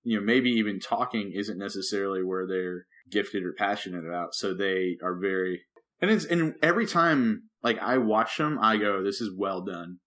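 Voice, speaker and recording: A man who is a pastor and podcast co-host, talking casually in rambling, animated bursts full of restarts. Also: lowish voice, normal speed. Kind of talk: casual chat.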